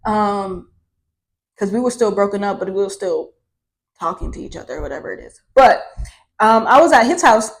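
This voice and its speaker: A young woman vlogger telling her own life story to camera in a candid, profane, animated way. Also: on the high side, poor audio. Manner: candid and profane, swears freely; animated, with laughter.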